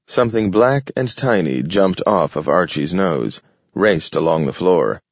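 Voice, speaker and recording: Male audiobook narrator, low voice, unhurried and measured, dry and slightly dull sound. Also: lively intonation, dry recording.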